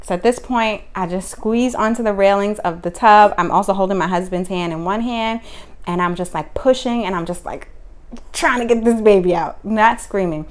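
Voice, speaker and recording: A young woman, telling her own story to camera in casual vlog style, acting out what people said. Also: moderate pace. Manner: animated, acts out quotes with sudden high pitch jumps.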